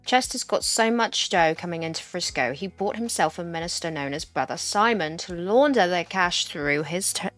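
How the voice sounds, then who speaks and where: A woman's voice: fairly low pitch, animated, normal speed, few pauses, a bit bright, soft background music. A woman giving casual, chatty commentary as she plays a video game, reading objectives aloud and laughing at what happens. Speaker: gaming video host.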